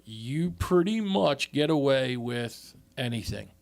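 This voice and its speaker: A man's voice: mid-range voice, lively intonation, gravelly. A man co-hosting a podcast in casual chat, who stumbles and repeats words as he starts and swears often. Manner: halting, repeats words when he starts, profane. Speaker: podcast co-host.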